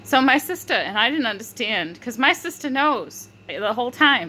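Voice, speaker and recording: A woman's voice: fairly high pitch, sing-song, moderate pace, few pauses, bright, forceful tone, a little hiss or hum, rough recording. A woman vlogger telling a rambling story, full of fillers, restarts and frequent giggling. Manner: filler-heavy, restarts often. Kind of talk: casual rambling monologue.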